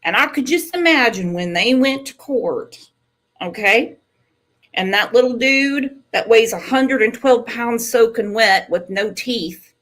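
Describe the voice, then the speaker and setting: Slow, lively-pitched woman true-crime host. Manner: slow and measured, lingering on sympathetic remarks.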